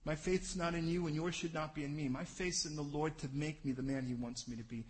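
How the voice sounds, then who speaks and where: A man with a notably high voice preaches a sermon. He speaks earnestly and personally to his congregation, at times rising to loud, driving lists of scripture references. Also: steady tone, brisk, rough recording. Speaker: pastor.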